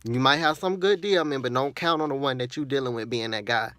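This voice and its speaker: A man's voice: mid-range voice, quick pace, fairly bright tone, no room sound. A man, talking earnestly and at length to his viewers in a personal vlog, venting about a friend. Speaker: vlogger.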